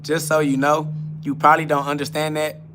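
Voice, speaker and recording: Bright-voiced man mocking his chat. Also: on the high side, monotone, brisk, slight background noise. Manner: blunt, mocking, laughs often. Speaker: podcast host. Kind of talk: live solo podcast answering chat questions.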